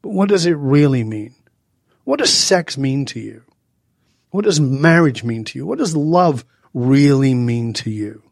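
A man in his sixties from Northern England, a guest telling stories in conversation and acting out the dialogue with lively voice changes. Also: medium pitch, a little slow, creaky, dry recording, studio quality. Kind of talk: animated storytelling in conversation.

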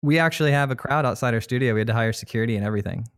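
A man hosting a casual podcast interview, chatty and quick to laugh. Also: medium pitch, clean tone, dry recording, clean studio sound. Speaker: podcast host.

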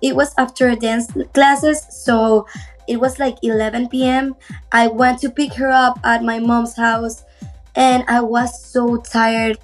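High-voiced young woman telling stories. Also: a little slow, faint music behind. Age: 20s. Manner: animated storytelling, laughs often. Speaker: guest. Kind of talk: casual podcast chat.

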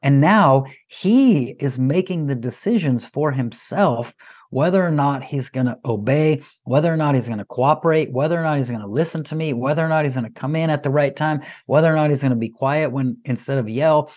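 A man in his thirties, a father talking as a guest, telling stories in a lively, casual way. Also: mid-range voice, fairly quick. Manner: animated, lively storyteller. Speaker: parent sharing advice as a podcast guest. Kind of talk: casual conversational storytelling.

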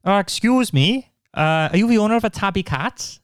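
Courteous older Welsh man, high and sing-song, put on by a podcast host. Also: lively intonation, normal speed, smooth, dry recording, studio quality.

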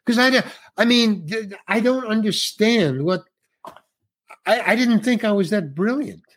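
A middle-aged actor on as a guest tells a relaxed story from a film set, playing out the other people's lines himself. His voice is high and a bit bright, never in a hurry.

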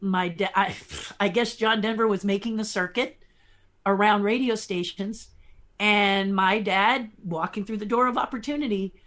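A middle-aged woman, a podcast guest, telling lively anecdotes and laughing often as she talks. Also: mid-range voice, moderate pace. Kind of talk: storytelling chat.

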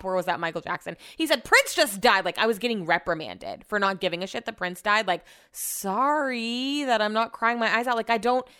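A woman's voice: medium pitch, bright, forceful tone, clear, resonant tone. A young woman hosting a podcast alone from her home office, talking casually and rambling with lots of "like", sounding shaken and subdued. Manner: chatty, rambling, says "like" often. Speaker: podcast host. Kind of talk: casual solo podcast chat.

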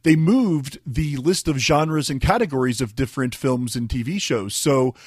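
A man's voice: mid-range voice, normal speed, darkish tone, no echo. A man with a mid-range voice co-hosts a tech show, explaining at length in a chatty way. He restarts phrases as he goes. His voice is recorded close and dry. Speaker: radio show co-host. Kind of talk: casual tech radio chat.

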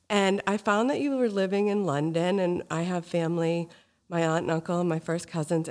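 A woman hosting a podcast interview, gushing and telling a personal story with feeling. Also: on the low side. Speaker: podcast host. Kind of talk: casual interview talk.

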